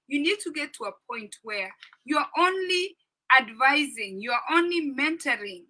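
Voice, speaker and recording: Bright-voiced middle-aged woman giving earnest advice. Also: high-pitched, rough recording. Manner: earnest and instructive, repeats points, checks in with listeners. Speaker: parenting talk host. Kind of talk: informal talk discussing a parenting book.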